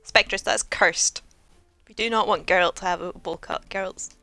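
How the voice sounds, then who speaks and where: A woman's voice: mid-range voice, steady tone, moderate pace, gravelly, bright, forceful tone, faint music behind. A woman commentating casually on a video game as she plays, sarcastic and joking, with lots of swearing. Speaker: game streamer.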